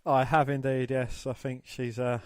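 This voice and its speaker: A man's voice: medium pitch, flat delivery, normal speed, clear, resonant tone, dry recording. A man co-hosting a podcast, commenting on wrestling in a crude, joking way and swearing freely. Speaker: podcast co-host. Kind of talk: casual wrestling watch-along commentary.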